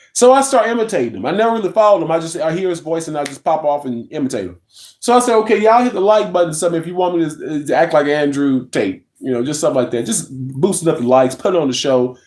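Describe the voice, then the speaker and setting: A man ranting on a live stream, rambling and restarting sentences and greeting viewers by name. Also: on the high side. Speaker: live streamer and content creator.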